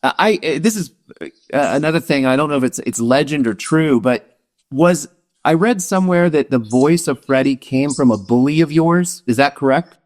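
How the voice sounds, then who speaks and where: A man's voice: fairly high pitch, expressive, normal speed. A man hosting a podcast, asking his guest questions in casual chat, earnest and hesitant with many fillers. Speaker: podcast host.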